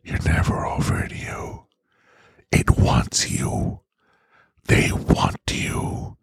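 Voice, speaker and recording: A man putting on a breathy, whispered voice for a coaxing, persistent man. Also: drawn-out words.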